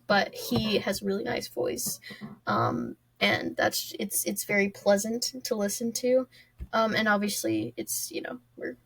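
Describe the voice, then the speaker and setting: A woman's voice: medium pitch, gravelly. A young adult woman hosting a solo podcast, talking casually and rambling with lots of fillers and small laughs. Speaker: podcast host.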